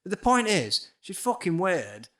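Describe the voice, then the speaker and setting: A man's voice: sits high, very animated, measured pace, pushed and bright. A man, a guest telling a story in a casual chat. He swears freely, sounds dryly skeptical and acts out the voices of people in his stories. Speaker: podcast guest, musician.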